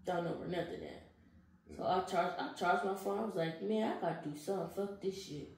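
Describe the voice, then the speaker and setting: A woman's voice: medium pitch, a little fast, gravelly. A young woman being interviewed, telling her story in casual slang and acting out what people said. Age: young adult. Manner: animated storytelling, slangy, acts out quotes. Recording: echoey, with faint noise.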